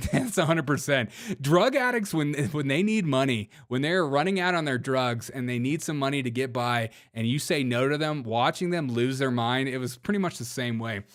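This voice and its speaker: A man's voice: mid-range voice, normal speed. A man hosting a livestream of comedic political commentary, brash and sarcastic, laughing often and talking to his chat. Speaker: livestream host.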